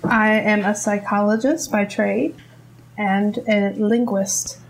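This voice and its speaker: A woman's voice: medium pitch, steady tone, slow pace, a little hiss or hum, poor audio. Woman chatting, laughy and playful, medium voice. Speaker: guest, psychologist. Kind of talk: casual chat.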